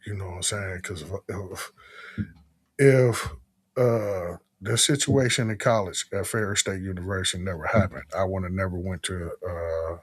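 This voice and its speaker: A man talking as a guest in a casual conversation, rambling in a relaxed way and often asking "you know what I'm saying". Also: low-pitched, moderate pace, breathy edge.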